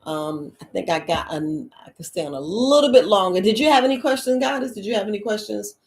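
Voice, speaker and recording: A woman life coach chatting casually on a livestream to her viewers, animated and laughing, often acting out what people say. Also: medium pitch, brisk, echoey room. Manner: animated, laughing, acts out quoted voices.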